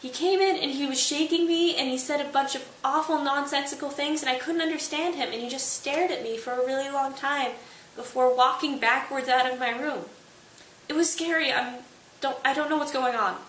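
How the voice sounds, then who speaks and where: A woman's voice: high voice, steady tone, moderate pace, a bit bright, voice pushed up. A frightened teenage girl pleads in a raised, shaky register, as a woman acts her out. The voice sounds small and distant in an echoey room with a faint hiss. She is upset and tumbles through her words.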